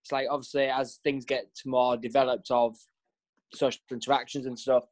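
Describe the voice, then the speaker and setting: A man in casual chat, telling family stories with lively quoted voices. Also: a little fast. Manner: animated storyteller, jumps pitch for quoted voices. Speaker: podcast co-host.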